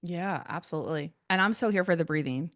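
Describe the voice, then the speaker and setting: A woman joins a podcast as a guest, her voice slightly low and smooth, heard close on a dry recording. She talks warmly and eagerly, affirming and repeating her agreement. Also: quick pace, no room sound. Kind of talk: casual podcast chat.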